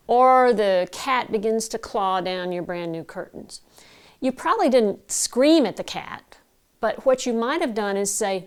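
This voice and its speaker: A middle-aged woman voice coach giving a measured, clear lesson to camera, explaining ideas with vivid analogies. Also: mid-range voice. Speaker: broadcast voice coach. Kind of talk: instructional talk to camera.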